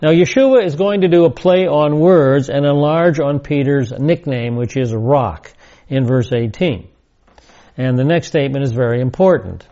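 A man teaching a Bible study lecture, speaking deliberately and emphatically, repeating key words. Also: mid-range voice, animated, warm tone, muffled recording.

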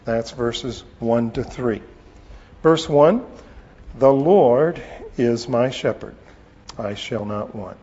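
A man teaching a sermon on scripture, with a slow, deliberate delivery and pauses. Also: medium pitch, dark tone. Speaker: preacher. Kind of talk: expository Bible teaching. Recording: long reverb, dull lo-fi sound.

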